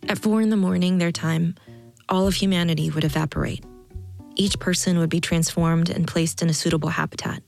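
A woman narrates a story in a calm, measured audiobook style. Her voice sits low with a gravelly, creaky edge. Faint music plays softly behind her.

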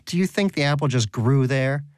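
A man's voice: mid-range voice, normal speed, a little mellow, no room sound, voice pushed up, natural voice. A man voicing a pious, earnest and prim male pet rodent who lectures with preachy fervor. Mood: fervent.

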